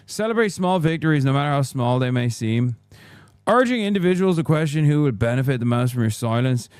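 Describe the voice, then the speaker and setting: A man giving a scripted news-style narration in a measured, even reading voice. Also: medium pitch, smooth, no room sound.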